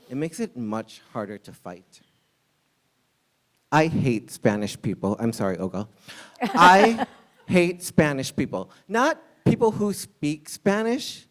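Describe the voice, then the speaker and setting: Telling a personal story to a live audience, a longtime restaurant server in his forties uses candid, wry humor and sharp punchlines. His pitch is fairly high and his voice smooth.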